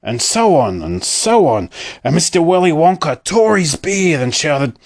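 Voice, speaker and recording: A man's voice: on the high side, a little slow, creaky. A man reading a storybook aloud, narrating expressively. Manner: expressive and lively.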